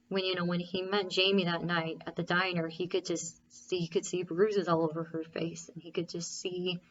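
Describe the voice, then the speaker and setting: A woman's voice: on the low side, sharp tone, muffled recording. A woman author talking casually about her character, rambling with many fillers and restarts. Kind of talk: casual monologue.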